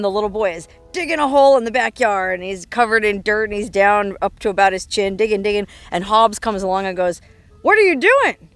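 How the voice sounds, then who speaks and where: A woman's voice: mid-range voice, no echo. A woman hosting a travel vlog outdoors in the desert, telling stories in a playful, theatrical way with dramatic emphasis. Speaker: travel vlogger host.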